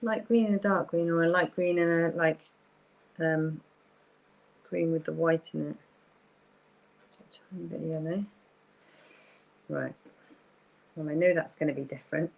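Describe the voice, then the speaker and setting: A woman's voice: sits low, steady tone, measured pace, creaky, long pauses, a little hiss or hum, low-quality recording. A woman hosting a live-streamed craft tutorial from her craft table at home, thinking aloud as she paints and often apologizing. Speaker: craft workshop host.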